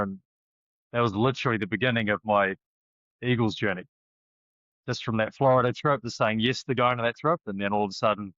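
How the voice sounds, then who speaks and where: A man's voice: fairly low pitch, a bit bright, no room sound. A man in his forties with a New Zealand accent, a rugby coach chatting easily as a podcast guest, often restarting his sentences. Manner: easygoing and chatty, with many restarts. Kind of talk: casual interview chat. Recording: dull lo-fi, dry sound.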